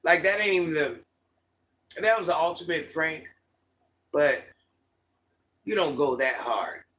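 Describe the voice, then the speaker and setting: A middle-aged man with a slightly high voice talks casually to his livestream chat. He is animated and repeats himself as he tells a story, restarting phrases again and again. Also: a little slow, low-quality recording. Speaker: livestream host talking to chat viewers.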